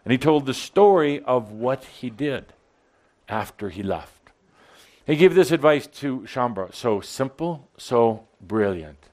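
A man speaking to a live audience in a channeled spiritual talk, playful and teasing, with dramatic pauses and swings between loud and soft delivery. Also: medium pitch, expressive.

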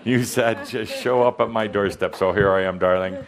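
A man's voice: lowish voice, steady tone, normal speed, a little hiss or hum. A man speaking as a channeled spiritual teacher, coaching an audience member in front of a live crowd in a hall, playful and provoking, with frequent stammered restarts, on a handheld microphone. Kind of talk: interactive workshop coaching.

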